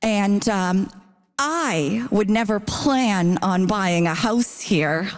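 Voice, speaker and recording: A woman's voice: medium pitch, drawn-out words. A female comedian from Ontario, teasing and chatty in a stand-up debate on stage. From Ontario, Canada. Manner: teasing, conversational. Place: theatre stage. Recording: loud live audience noise.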